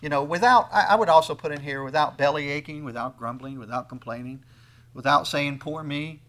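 Preacher with a slightly high, dynamic delivery. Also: male voice, fairly quick. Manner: swings between loud emphasis and quiet asides; acts out quoted speakers in conversational tones. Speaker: pastor. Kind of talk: sermon.

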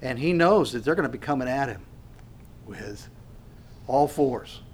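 A man's voice: mid-range voice, lively intonation, unhurried, a little hiss or hum. A man preaching an expository sermon as a pastor, earnest and emphatic, often restarting and repeating words as he explains a passage.

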